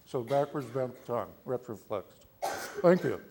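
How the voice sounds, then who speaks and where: A man teaching a lesson, explaining patiently step by step and slowly sounding out words and vowels. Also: mid-range voice, animated, mellow, a little hiss or hum. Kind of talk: spoken lesson.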